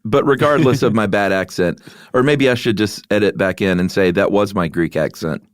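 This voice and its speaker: A man's voice: lowish voice, a little fast, no room sound, clean studio sound. A man co-hosting a podcast in casual chat, joking and self-deprecating as he tells a story. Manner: joking, self-deprecating, slips into silly voices. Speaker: podcast co-host.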